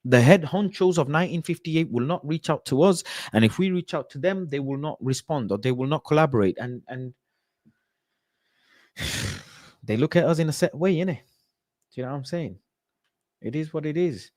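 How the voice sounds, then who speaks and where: A man's voice: on the high side, animated, moderate pace, pauses often, darkish tone, dry recording, studio quality. A man hosting a call-in show, chatting casually, reading out viewer comments and arguing his points emphatically with lots of repetition. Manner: emphatic, repeats points for stress.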